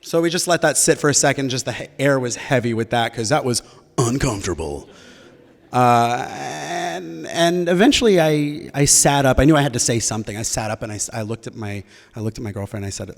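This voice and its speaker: A young man telling a personal story to an audience, conversational and halting, often restarting his sentences. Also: medium pitch, lively intonation, creaky, long reverb tail.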